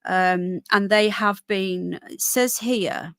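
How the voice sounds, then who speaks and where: A woman chats casually on a live stream as she walks through a small town, reading viewer comments and news text aloud. Her voice is a little hoarse, picked up dry and close on a handheld phone. Her pitch sits in an ordinary middle range. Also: takes it slowly, hardly any pauses, dry recording. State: hoarse, voice keeps going. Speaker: livestreamer.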